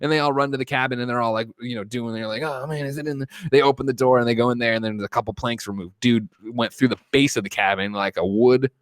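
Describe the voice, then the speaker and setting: A man's voice: medium pitch, fairly even intonation, fast, hardly any pauses, smooth, no echo. A man hosting a podcast, recapping a film in a casual chat, acting out the characters as he goes, with swearing. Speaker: podcast host. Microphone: desk microphone.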